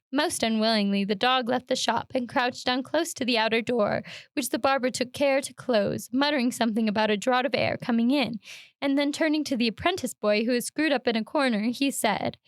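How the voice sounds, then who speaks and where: A woman hosting a show, reading an old story aloud in a measured, expressive way on a close mic. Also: fairly high pitch, dry recording. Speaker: host.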